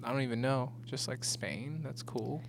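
A man's voice: medium pitch, moderate pace, gravelly, background noise. A young man co-hosting a podcast, chatting casually, swearing often and mimicking voices for laughs. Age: young adult. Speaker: podcast co-host. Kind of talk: casual chat.

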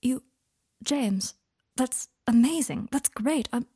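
A woman's voice: a little high, slow, dark tone, slightly rough, voice pushed up, exaggerated voice. A woman voicing a confident, coaxing young man in a spoken fan fiction reading. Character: young man, earnest and self-assured.

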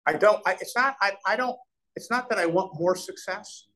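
A man's voice: high-pitched, moderate pace, low-quality recording. A middle-aged man from Nebraska telling business stories in an interview, acting out the people he quotes, with frequent restarts. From Nebraska, USA. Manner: animated storyteller, acts out quoted voices, frequent restarts. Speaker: real estate developer, guest. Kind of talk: conversational storytelling interview.

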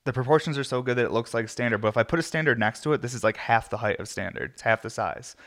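Young man, host, casual chat, rambling, lots of fillers, mid pitch. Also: quick pace, a bit bright. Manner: chatty, filler-heavy, self-interrupting. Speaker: host of a smoking video show.

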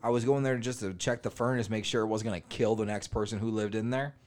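A man's voice: on the low side, fast. A man co-hosting a casual comedy podcast, telling profane stories. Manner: profane, storytelling, animated. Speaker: podcast co-host.

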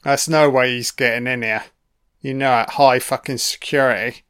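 A man's voice: mid-range voice, steady tone, normal speed, a bit bright, smooth. Sweary man doing film commentary. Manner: sweary, blunt and sarcastic.

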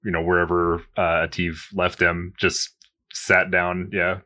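A man playing a tabletop game, describing his character's actions in a relaxed, rambling way. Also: deep voice, unhurried. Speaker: player. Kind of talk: casual tabletop play.

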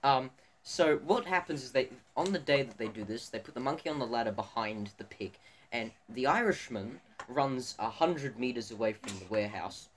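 A man's voice: medium pitch, animated, moderate pace. Teen male podcast co-host, rambling storyteller, faint background hiss. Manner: rambling storyteller with many fillers and restarts. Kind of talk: casual podcast chat among students.

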